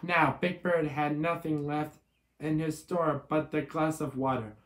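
A man reading a picture book aloud in a steady way, with small slips. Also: a little high, measured pace, slight background noise. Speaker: storybook reader. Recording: echoey room with guitar music.

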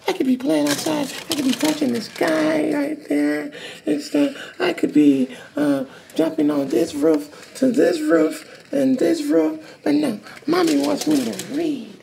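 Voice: high voice, measured pace, creaky, dark tone, slight background noise, heavily acted. A performer playing a sulky little boy who whines and complains about his chores in a comedic skit. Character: grumpy little boy stuck doing chores.

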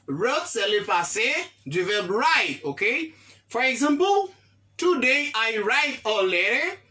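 A woman's voice: on the high side, bright, forceful tone. A woman teaching an English lesson, repeating words often and checking that the class understands.

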